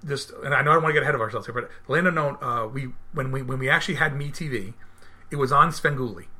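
A man in his thirties hosting a podcast in casual chat, animated, acting out quotes and often restarting his sentences. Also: mid-range voice, fast talker. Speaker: podcast host.

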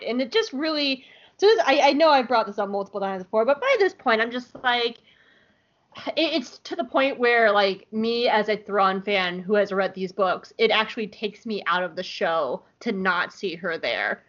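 A woman from the American South co-hosting a casual podcast, animated, swearing freely and laughing often. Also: medium pitch, moderate pace. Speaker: podcast co-host. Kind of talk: casual chat. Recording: lo-fi audio.

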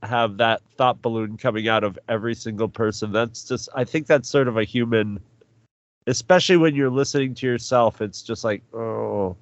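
A man's voice: medium pitch, fairly quick, no echo. A man co-hosting a podcast in casual chat, wry and joking. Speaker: podcast co-host.

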